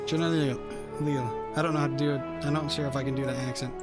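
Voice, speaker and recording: A man's voice: on the high side, steady tone, fast, over music. A man streaming a video game, chatting casually and reading the quest text aloud.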